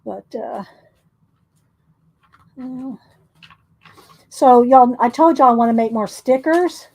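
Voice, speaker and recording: A woman's voice: fairly high pitch, slow, a little mellow, rough recording. Chatty woman showing her art. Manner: chatty, rambling, says y'all. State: out of breath. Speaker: artist vlogger. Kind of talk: casual chat while showing artwork.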